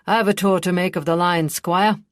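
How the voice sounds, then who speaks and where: A sly, gleeful middle-aged lord, voiced by a woman narrator, with a low, dry tone. He jokes and teases in a fantasy audiobook reading. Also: fairly even intonation, moderate pace, dry recording, lightly acted.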